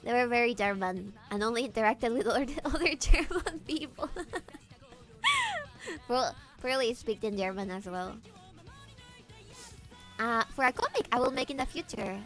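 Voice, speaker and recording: A woman streamer chatting casually with her viewers, animated, laughing often and swearing freely, with faint guitar music behind. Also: a little high, a little fast. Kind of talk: casual livestream chat.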